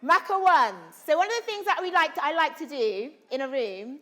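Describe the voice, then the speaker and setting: Animated woman coaching a room. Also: high-pitched, brisk. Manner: animated, calls out to the room, asks questions. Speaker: actor leading a drama workshop. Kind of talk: lively workshop coaching. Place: large room with a live audience.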